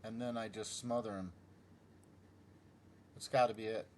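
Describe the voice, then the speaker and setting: Working through chess puzzles, a middle-aged YouTuber mutters move by move and bursts out in self-mockery whenever he errs. He speaks unhurriedly in a fairly low, fairly even voice over a faint hiss or hum.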